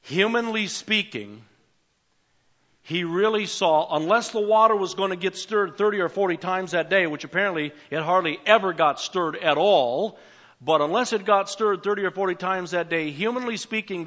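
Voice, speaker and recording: An older man preaching a sermon as pastor, swinging between emphatic calls and quiet asides. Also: high-pitched, moderate pace, muffled recording.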